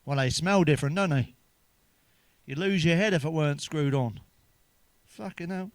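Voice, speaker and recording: A man's voice: on the high side, moderate pace, dry recording. Bloke doing dirty one-liners, swears a lot, laughs at his own gags, dry close sound. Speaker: stand-up comedian. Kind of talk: crude joke-telling monologue.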